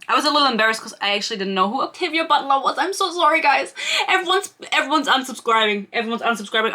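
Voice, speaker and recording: A woman's voice: fairly high pitch, bright, forceful tone. A young woman hosting a casual book-gossip podcast, chatty and self-mocking, swearing freely. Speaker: podcast host. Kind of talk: casual chat.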